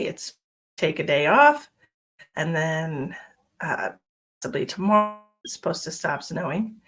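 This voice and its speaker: A woman's voice: fairly low pitch, fairly bright tone. A woman, a psychic medium, chatting casually on her live stream, greeting viewers by name and rambling through small talk.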